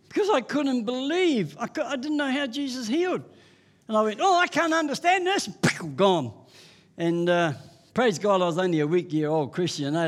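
A man preaching a sermon. He mixes scripture with homespun personal stories and often chuckles at his own tales. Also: high voice. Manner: folksy storytelling, chuckling at himself.

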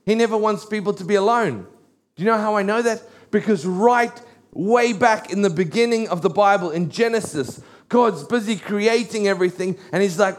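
A middle-aged man with a high voice preaches a sermon, animated and full of storytelling, and he slows down whenever he reads scripture.

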